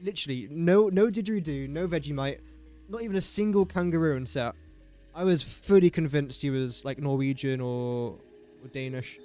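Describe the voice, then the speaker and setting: An English man chats on a game live stream in a fairly high, warm voice at normal speed, with faint music in the background. He works through sums out loud and jokes around with his viewers.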